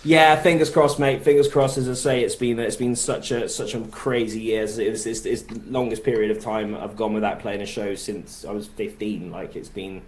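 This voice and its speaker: A man with a Bristol accent talks in a lowish voice as an interview guest. He rambles, leaning on fillers as he goes. The room around him sounds echoey. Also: fairly even intonation, normal speed, hardly any pauses. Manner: rambling, many verbal fillers. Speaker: musician guest. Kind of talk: casual interview chat.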